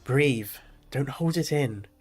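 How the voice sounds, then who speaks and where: A man's voice: medium pitch, lively intonation, slow pace, darkish tone, husky, faint music behind. A man reading aloud the lines of a protective, worried young man from a game, in his own lightly acted voice. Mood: urgent.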